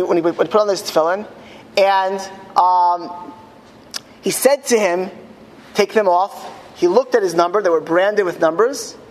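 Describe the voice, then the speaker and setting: A man telling a story to an audience with halting restarts, his voice rising to high cries in quoted lines. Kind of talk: impassioned storytelling talk. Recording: long hall reverb, faint ambience.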